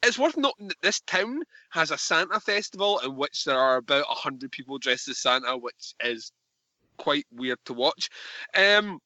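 A man's voice: fairly high pitch, sing-song, moderate pace, bright, forceful tone, dry recording. A man hosting a podcast, chatting enthusiastically and swearing freely about a film. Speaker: podcast host. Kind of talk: casual film review chat.

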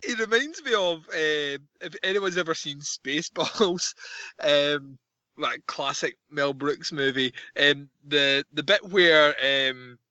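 A man's voice: fairly high pitch, slow pace, bright, forceful tone, dry recording, highs cut off. A man hosting a comedy podcast, chatting casually and joking with fillers and asides. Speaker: podcast host.

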